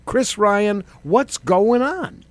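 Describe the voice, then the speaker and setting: A man's voice: sits high, very slow, no room sound. A middle-aged man hosting a political commentary show, sardonic and conversational, with fillers. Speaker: talk show host, former congressman.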